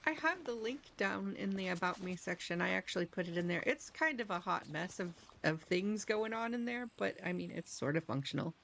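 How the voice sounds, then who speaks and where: A woman's voice: mid-range voice, animated, fairly quick, creaky, few pauses, a bit bright, a little hiss or hum, poor audio. A woman live-streaming a video game, chatting casually with viewers in a rambling, giggly, self-deprecating way.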